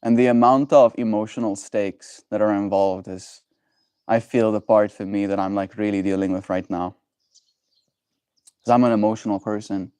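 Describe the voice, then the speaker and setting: A man hosting a livestream, chatting with viewers and musing slowly and gently about emotions. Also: on the low side, steady tone, clean tone, no room sound. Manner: gentle, musing, thoughtful pauses. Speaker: livestream host. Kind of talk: reflective livestream chat.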